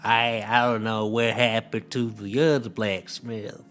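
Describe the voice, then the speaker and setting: A man voicing a gullible, rough male fisherman who talks in a slow, dim-witted drawl. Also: on the low side, flat delivery, a bit bright, faint music behind. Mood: puzzled.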